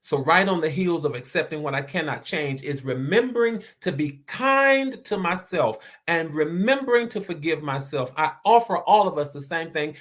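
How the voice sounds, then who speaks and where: A man with a Southern accent and a high voice speaks to his live-stream audience as host. He is earnest and repeats each main point slowly so that it sinks in. Now and then he reads out and thanks comments from the chat. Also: a bit bright. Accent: Southern American. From American South. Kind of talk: motivational live-stream talk.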